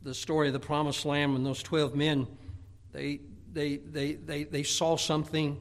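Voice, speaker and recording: Telling Bible stories during his sermon, an unhurried male preacher acts out the characters' voices with animation. His volume swings between loud peaks and hushed, low tones.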